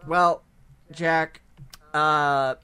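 A man's voice: fairly high pitch, fairly even intonation, extremely slow, pushed and bright, clean tone, no room sound. A man hosting a podcast in casual chat, laid-back, with many fillers and swear words. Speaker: podcast host.

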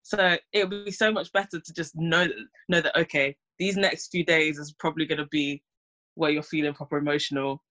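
Animated young woman, bright voice. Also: low-pitched, fairly quick. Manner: animated, acts out her own reactions. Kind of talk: casual chat.

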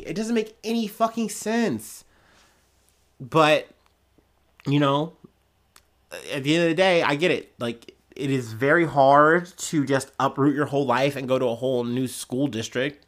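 A young man hosting a solo news podcast, ranting heatedly with frequent swearing. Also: mid-range voice. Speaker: podcast host. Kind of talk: casual solo commentary.

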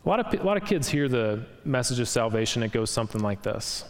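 A man's voice: medium pitch, sing-song, fast talker, hardly any pauses, long reverb tail. A man pastor preaching an expository sermon, reading scripture aloud and explaining it verse by verse.

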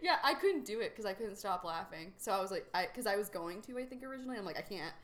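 A woman's voice: mid-range voice, expressive, fast, a bit bright. Giggly, chatty woman podcast host. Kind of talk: casual podcast chat.

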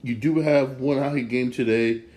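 A man's voice: mid-range voice, steady tone, moderate pace, a little mellow, reverberant. A man hosting a casual sports podcast, rambling and repeating himself as he gets worked up. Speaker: podcast host.

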